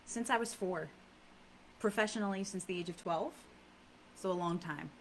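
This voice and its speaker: A woman singer chatting as a podcast guest, easygoing and quick to laugh. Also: fairly low pitch, low-quality recording. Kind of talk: casual chat. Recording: faint background noise.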